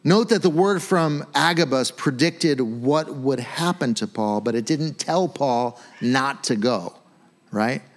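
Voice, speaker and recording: Conversational pastor teaching scripture. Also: male voice, mid-range voice, slow pace. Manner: conversational, animated, frequent "right?" asides. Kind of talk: sermon teaching.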